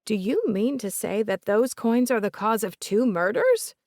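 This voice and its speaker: A woman voicing an older woman with a soft Southern accent, polite and remorseful, recalling family memories in a gentle, chatty way. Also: medium pitch, lively intonation, unhurried, no room sound, studio quality, voice pushed up, close to an everyday voice.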